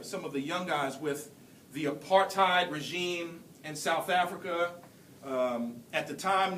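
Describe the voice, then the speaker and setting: High-voiced man speaking in an echoey hall. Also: fairly bright tone. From Brooklyn, New York. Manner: earnest storytelling with deliberate pauses. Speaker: keynote speaker. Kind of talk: motivational speech. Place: large hall at a ceremony. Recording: echoey hall, distant mic, faint rumble.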